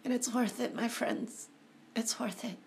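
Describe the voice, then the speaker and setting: A woman reads aloud at home and breaks off into her own rambling, heartfelt remarks. Her higher voice has a gravelly edge. She takes her time over every phrase. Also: fairly even intonation, a little slow, a little hiss or hum. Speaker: reader giving commentary. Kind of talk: casual reading with personal commentary.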